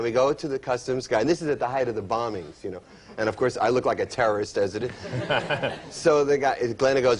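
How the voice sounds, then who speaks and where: A man doing a stand-up routine on stage, teasing the crowd, then chatting with the host. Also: medium pitch. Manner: quick, teasing banter with the crowd. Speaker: stand-up comedian. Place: stage before a live audience.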